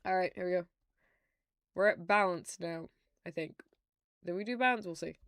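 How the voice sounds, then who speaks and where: Young British woman, gamer streamer, chatty, giggly and rambling, with a clean, crisp, close-miked voice. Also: on the low side, normal speed, fairly bright tone, no room sound. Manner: giggly, rambling, chatty with frequent laughs and restarts. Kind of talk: casual live-stream chat and game text reading.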